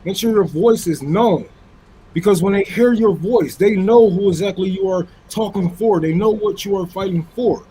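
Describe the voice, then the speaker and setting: Fiery high-pitched man ranting. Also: normal speed, dark tone, slight background noise, rough recording. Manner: fiery, profane, repeats phrases for emphasis. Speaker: activist panelist. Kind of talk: impassioned political rant.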